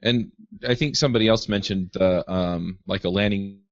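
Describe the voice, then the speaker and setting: A man co-hosting a podcast, giving calm, measured suggestions in casual chat. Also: lowish voice, no room sound. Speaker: podcast co-host. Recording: dry dull lo-fi audio.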